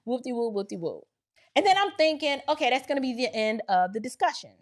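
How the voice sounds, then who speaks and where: A woman from Georgia telling a story in lively casual speech, acting out the dialogue and talking to listeners as y'all. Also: high-pitched, fast. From Georgia, near Atlanta. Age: adult with children. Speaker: storyteller recounting an encounter.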